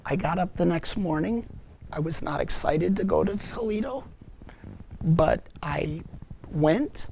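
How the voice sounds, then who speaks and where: A man giving a personal testimony to a parents group, telling his story earnestly and reflectively, with halting restarts. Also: on the high side, sing-song, creaky, a little mellow, a little hiss or hum.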